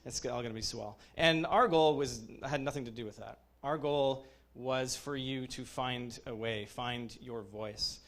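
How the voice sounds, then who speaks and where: A man in his thirties giving an informal graduation speech as program head, halting with many fillers and restarts, openly emotional toward his students. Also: medium pitch, a bit bright.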